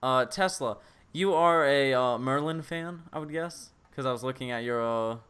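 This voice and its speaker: A man's voice: mid-range voice, normal speed, a bit bright, clean tone. Playful man teasing his co-hosts. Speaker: podcast co-host. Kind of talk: casual chat.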